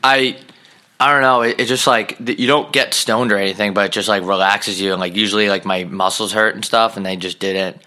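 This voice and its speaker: A young man chatting casually as a podcast host, telling stories and mimicking people in goofy high voices. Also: steady tone, fairly quick, pushed and bright. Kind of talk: casual chat.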